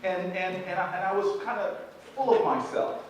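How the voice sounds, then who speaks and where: A man in his forties giving an animated motivational speech, joking with the audience, recorded from far off in a large event hall. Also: high-pitched, normal speed, a little hiss or hum. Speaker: keynote speaker at a leadership event.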